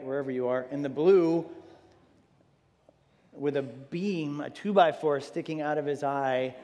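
A man preaching in a church hall, his slightly high voice carrying a long tail of reverb. He talks with animated emphasis, tosses in jokey asides and repeats words as he restarts. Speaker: pastor. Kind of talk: sermon.

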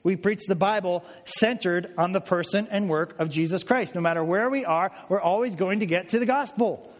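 Pastor, man, high-pitched voice, earnest emphatic sermon delivery, echoing sanctuary. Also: normal speed. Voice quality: earnest, emphatic, repeats phrases for stress. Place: church sanctuary.

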